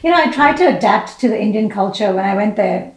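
Gravelly young South African woman chatting. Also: mid-range voice, expressive, roomy sound. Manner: chatty, giggly, quick asides. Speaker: comedian, guest. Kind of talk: casual chat.

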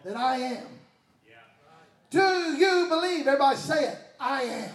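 High-voiced shouting man preaching a sermon. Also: animated, normal speed. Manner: call-and-response preaching with shouted bursts. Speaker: pastor. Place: church. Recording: echoey church hall.

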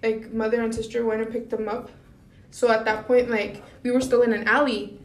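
A woman's voice: fairly high pitch, level tone, moderate pace. A young woman casually telling a story on a podcast, cursing freely and acting out what people said. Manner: swears a lot, retells scenes with acted quotes. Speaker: podcast co-host. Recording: echoey room, mic at a distance.

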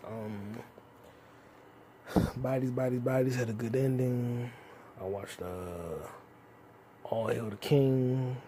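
A young man hosting a solo podcast, rambling in a casual, profane way with sudden loud outbursts. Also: mid-range voice, a little hiss or hum. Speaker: podcast host.

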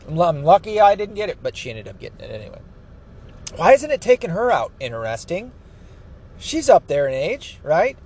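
A man's voice: sits high, sing-song, a little fast, a little mellow. A man ranting angrily about politics, swearing constantly. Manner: angry, profane, ranting. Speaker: political commentator. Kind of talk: profane political rant.

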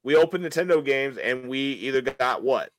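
A man hosting a casual podcast chat, rambling through an animated, opinionated rant with many restarts. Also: medium pitch, moderate pace, dry recording. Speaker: podcast host.

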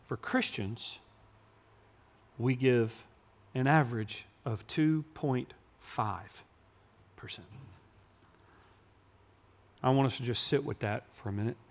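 A man, preaching a sermon to his congregation in a church and building to loud, yelling emphasis. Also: medium pitch, measured pace. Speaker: pastor. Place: church sanctuary.

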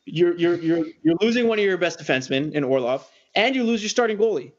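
A man hosting a casual sports podcast, rambling and joking in an animated way. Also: high-pitched, quick pace, dull audio. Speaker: podcast host.

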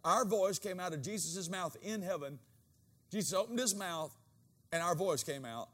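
A man with a high voice for a man preaches a sermon. His delivery swings from quiet, low asides to loud, ringing bursts. He acts out quoted dialogue in changed voices. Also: animated, moderate pace. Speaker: pastor.

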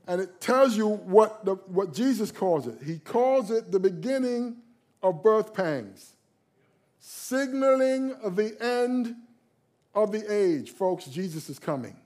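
A man preaching a sermon with passion, repeating key phrases and swinging from loud declarations to quiet asides. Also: high-pitched, lively intonation, slow pace.

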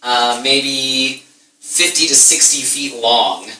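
A man narrating as game master in a tabletop game, relaxed and halting. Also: mid-range voice, noisy background. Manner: relaxed, halting, with ums and laughs. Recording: echoey room, distant mic.

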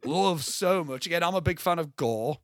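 Excitable young man gushing about film. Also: fairly high pitch, normal speed, no room sound, clean studio sound. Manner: enthusiastic, rambling, swears freely. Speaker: podcast co-host. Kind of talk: casual film discussion.

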